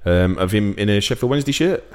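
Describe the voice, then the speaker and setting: Lively man, laughing often. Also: quick pace. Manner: rambling, laughs a lot, playful mock sales pitch. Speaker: podcast host. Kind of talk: casual chat.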